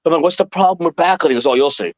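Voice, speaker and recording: A man's voice: fairly high pitch, rapid-fire, dry recording. Man telling stories over muffled stream audio. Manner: animated, acts out quotes in a raised voice. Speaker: podcast guest telling stories. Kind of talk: casual storytelling chat. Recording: dull dry lo-fi stream audio.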